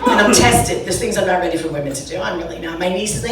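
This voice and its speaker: A brash woman from Brooklyn doing bawdy, animated stand-up comedy on a club stage. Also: fairly low pitch, rapid-fire, recorded from a distance, over music. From Brooklyn, USA. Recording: echoey club from afar, audience.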